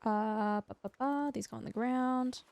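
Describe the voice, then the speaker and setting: A young woman from Canada chats with her livestream viewers while she plays. Her voice sits high, and she talks in a bubbly, giggly way. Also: unhurried, gravelly, a little mellow, dry recording. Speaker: livestream gamer. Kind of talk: casual livestream chat.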